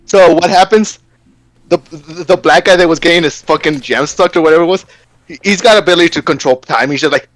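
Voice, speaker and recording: A man in a casual, profane rant, animated and stammering through his complaints. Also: on the high side, brisk, no room sound.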